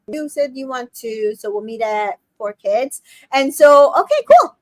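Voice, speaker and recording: High-voiced woman recapping reality TV. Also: dry recording. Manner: retells scenes quoting the cast in quick voices, many fillers. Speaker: podcast host recapping a reality show. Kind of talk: casual recap chat.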